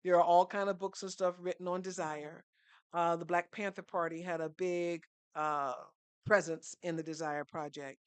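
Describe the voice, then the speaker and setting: A woman's voice: lowish voice, fairly even intonation, moderate pace, smooth, dry recording. A woman, speaking as a podcast guest who tells her story in an earnest, teaching way and poses rhetorical questions. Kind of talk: storytelling conversation.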